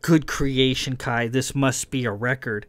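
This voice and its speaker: A man reading a patient, firm starship captain who speaks calmly. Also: mid-range voice, a little slow, no echo, lightly acted.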